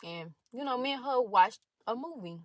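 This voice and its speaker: At a normal speed and on the high side, a young woman in college narrates a storytime vlog. She's blunt, profane, and animated as she reads out other people's text messages.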